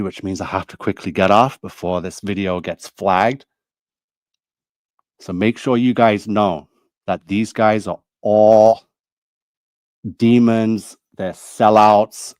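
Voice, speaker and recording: A man speaks in a low voice, heated and accusing, going over the same points again and again. The recording is dry and close, with no room sound at all. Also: a little mellow, dry recording. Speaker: video creator. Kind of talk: angry monologue to camera.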